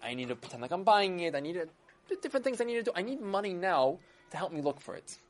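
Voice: mid-range voice, big pitch swings, fast talker. A storyteller voicing a hopeful, devout diamond dealer who pleads earnestly with the king.

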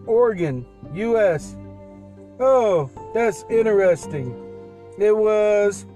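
A man co-hosting a podcast, chatting playfully in a casual, loose way. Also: sits high. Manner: playful, drawn-out delivery with shouted pirate growls. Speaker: podcast co-host.

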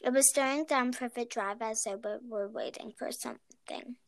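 A woman reading a storybook aloud in a careful, measured way. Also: on the high side, vocal fry, no room sound. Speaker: reader.

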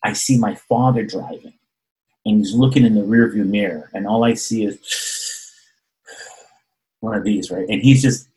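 A man telling a personal story in casual conversation, animated and repeating words as he acts out quoted voices. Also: on the low side, normal speed, long pauses, poor audio.

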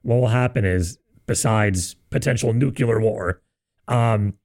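Low, gravelly-voiced man on a podcast. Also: measured pace, darkish tone. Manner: profane, laughs along, speculative. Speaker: podcast co-host. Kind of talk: casual podcast chat.

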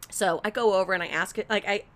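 A woman's voice: mid-range voice, fast. A young adult woman in casual chat, telling a story with lots of swearing and acted-out quotes. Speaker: storyteller guest.

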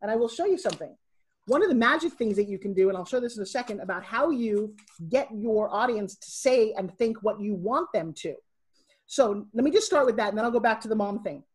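A middle-aged woman, a guest on a podcast, telling stories in an animated way and acting out what people said. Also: mid-range voice, fairly quick, breathy edge. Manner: animated storyteller, acting out quotes. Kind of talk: casual interview.

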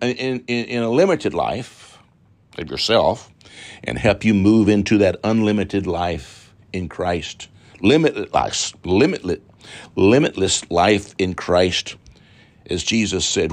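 A middle-aged man preaching a televised sermon as a televangelist, fervent and repetitive, drawing out emphatic phrases and appealing for donations. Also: on the low side. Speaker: televangelist pastor.

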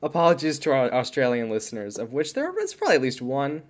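A young man co-hosting a podcast from the United States, joking in quick casual banter. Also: medium pitch, huge pitch swings. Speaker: podcast co-host. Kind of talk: casual chat.

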